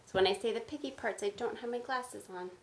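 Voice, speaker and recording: A woman teacher speaking gently to children in a video lesson, recorded on a phone. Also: on the high side. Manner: slow, gentle, explaining to kids. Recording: phone video with faint noise.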